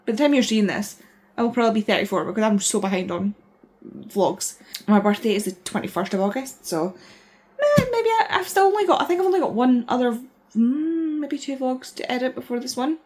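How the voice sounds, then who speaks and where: A woman in her thirties, chatting casually and excitedly in a rambling way as a book vlogger, sounding tired. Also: fairly high pitch, fairly quick. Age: 30s. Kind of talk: casual vlog chat.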